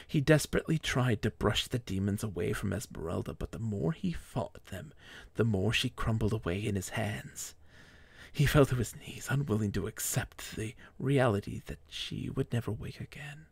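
A male streamer who reads with theatrical, mock-grand flair and then slips into casual chat. His voice carries a gravelly edge. The sound is dry and close on a desk microphone. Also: mid-range voice, moderate pace, no room sound.

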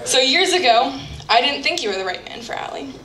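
A woman's voice: high-pitched, expressive, a little fast, bright, forceful tone. A young woman reading a heartfelt, earnest toast at a wedding reception. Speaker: maid of honor giving a toast. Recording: roomy, distant, faint background noise.

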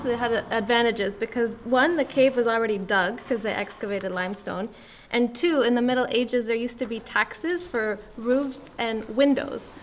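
A woman vlogging her travels, talking in an excited, chatty way and explaining what she sees. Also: on the high side, a little hiss or hum. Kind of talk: casual travel vlog chat.

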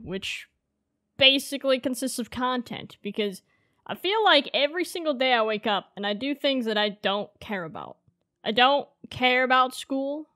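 A streamer and content creator in her early twenties records a casual home vlog addressed to her future self. Her voice is a little high with a fairly bright tone, and she rambles through her thoughts, laughing often and saying "like" a lot.

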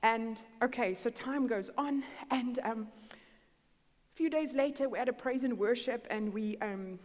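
A woman's voice: a little high, unhurried. A middle-aged woman, preaching and telling a personal story in a church. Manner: animated storytelling, acting out dialogue. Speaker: guest speaker. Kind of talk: sermon with personal testimony. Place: church hall. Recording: long hall reverb.

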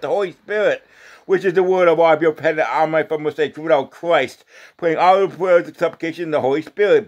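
A man reading scripture aloud as a lay preacher, halting and restarting often, then drifting into rambling, informal testimony. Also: fairly high pitch. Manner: casual and rambling when talking off the text, often asks "you know?".

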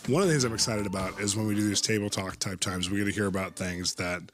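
A man hosting a casual interview, playful and quick to laugh, with lively bursts of excitement. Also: fairly low pitch, music in the background. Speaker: host.

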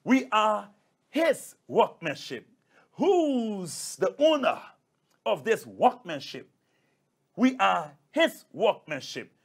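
A man's voice: sits high, sing-song, takes it slowly, vocal fry, breathy edge. A male pastor preaching a sermon, emphatic and repetitive, addressing listeners as brothers and sisters. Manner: emphatic, repeats key phrases.

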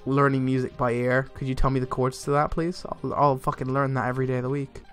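Excitable young man gaming, swearing freely. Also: medium pitch, quick pace. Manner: excitable, swears a lot, laughs often. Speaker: let's play gamer. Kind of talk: casual gameplay commentary. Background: faint game music.

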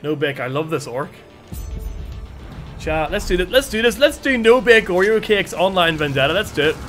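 A young man streaming a video game, chatting casually and excitedly with his viewers. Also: high-pitched, normal speed. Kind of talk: casual live-stream commentary. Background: game music and sounds.

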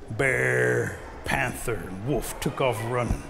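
Animated male folk storyteller. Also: medium pitch, measured pace, gravelly, few pauses. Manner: animated, acts out the action. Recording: long reverb, faint noise.

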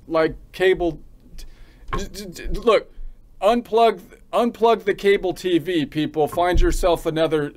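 Man from the US, high voice, halting, rambling, comic rant, restarts a lot. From United States. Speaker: channel host.

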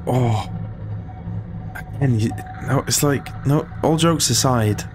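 A man's voice: medium pitch, takes it slowly, music in the background. A man hosting a gaming channel, giving jittery let's-play commentary full of swearing and muttered self-talk. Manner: jittery, swears a lot, talks to himself.

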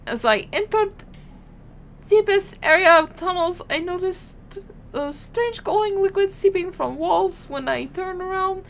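A haunted French soldier reads his report aloud in a halting, stilted manner, as a woman puts him on. The mock French accent is raised well above her own register. The pace is slow, like a game letter being read for a horror stream. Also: very high voice, animated, creaky, a little hiss or hum, voice pushed up, heavily acted.

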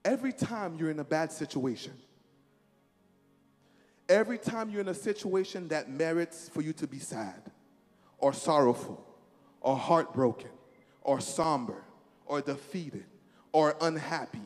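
A man's voice: on the high side, expressive, unhurried, long pauses, darkish tone, long reverb tail, faint music behind. A man preaching a sermon to a church congregation, emphatic and repetitive, leading the crowd in call-and-response.

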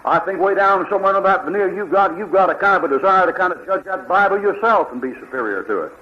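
A man's voice: high voice, lively intonation, fast, a little hiss or hum. A man preaching a fiery Bible sermon, firing rhetorical questions and mocking the people he quotes. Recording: lo-fi archival sermon tape.

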